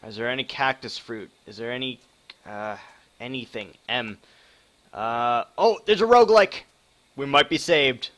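A young man from Wisconsin giving excitable live commentary on a hard survival game, swearing often and greeting chat viewers. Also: medium pitch, unhurried. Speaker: game streamer.

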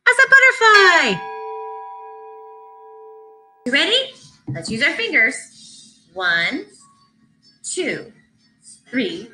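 A woman teaching preschoolers at circle time and reading a story aloud, animated and sing-song. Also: on the high side, low-quality recording. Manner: slow, sing-song, animated for little kids.

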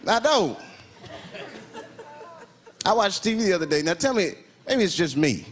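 A man performing a stand-up comedy set on a club stage, telling stories in an animated way and shouting his punchlines. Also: sits high, moderate pace. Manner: animated storytelling with shouted punchlines and put-on voices. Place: comedy club stage before a live audience. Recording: loud laughing crowd and heavy room noise.

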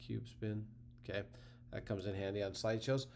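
A man hosting a casual software tutorial, talking through the steps relaxed and thinking aloud as he clicks. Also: on the low side, normal speed, creaky, a little hiss or hum. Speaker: tutorial host.

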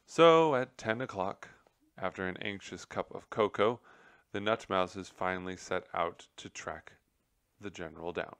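A man reading a children's book aloud as narrator, telling the story gently. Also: low-pitched, unhurried, dry recording. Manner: gentle storytelling with character voices.

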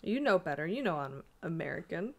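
A woman's voice: fairly low pitch, big pitch swings. A woman reading aloud, voicing a brash, skeptical young American man who scoffs at superstition. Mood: animated. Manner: scoffing, brisk. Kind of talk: audiobook reading.

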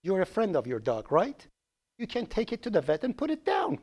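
Animated lecturer joking with his class. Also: high-pitched, fairly quick. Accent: Persian. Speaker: programming instructor.

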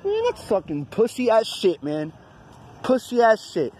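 At night outdoors, a cop-watching livestreamer films on his phone while arguing with a deputy, profane and repeating himself. His high voice swings hugely in pitch at a measured pace with a darkish tone. The phone mic picks up a little hiss or hum.

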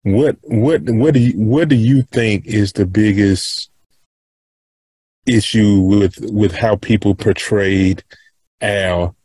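A man's voice: fairly low pitch, takes it slowly, a little mellow, breathy edge, no room sound, poor audio. A man hosting a podcast interview, casual and rambling, restarting his questions as he goes. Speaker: podcast host.

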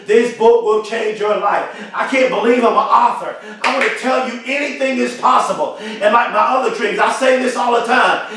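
A man's voice: very high-pitched, normal speed, hardly any pauses, a bit bright. A man giving a motivational speech in an emphatic, repetitive, preacher-like way. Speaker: motivational speaker. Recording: very echoey, from far off the mic.

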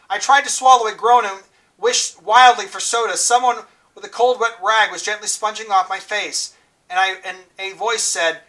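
Teacher reading a novel aloud, distant mic. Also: male voice, high-pitched, pushed and bright. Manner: plain, unhurried reading with small stumbles.

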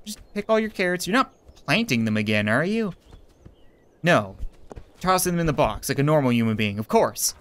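A man's voice: fairly high pitch, sing-song, normal speed, a bit bright, smooth. A young man giving playful let's-play commentary, goofy and giggly, often talking to the game characters in mock-polite asides. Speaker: gameplay commentator.

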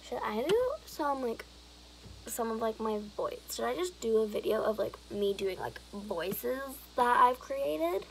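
A woman's voice: on the high side, lively intonation, measured pace, vocal fry, slight background noise, poor audio. Giggly rambling young woman. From Alberta, Canada. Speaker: vlogger. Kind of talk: rambling casual vlog chat.

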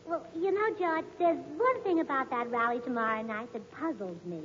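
A woman's voice: high-pitched, moderate pace, fairly bright tone, a little hiss or hum. A woman in 1940s radio comedy acting, playing a dizzy, scatterbrained wife with chirpy delivery. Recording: dull lo-fi 1940s radio recording in a hall.

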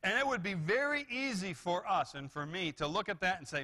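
A male pastor preaching in a church, his voice bright and somewhat higher than most men's. He swings between low, quiet explanation and sudden loud, high exclamations, often restarting his phrases. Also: brisk. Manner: animated preaching with rises and repeated restarts. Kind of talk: sermon. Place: church sanctuary.

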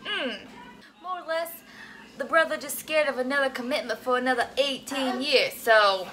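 High-voiced chatty woman cooking vlogger. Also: moderate pace, slight background noise, low-quality recording. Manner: animated, swears freely, talks to viewers with lots of "okay?". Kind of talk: casual chatty cooking vlog.

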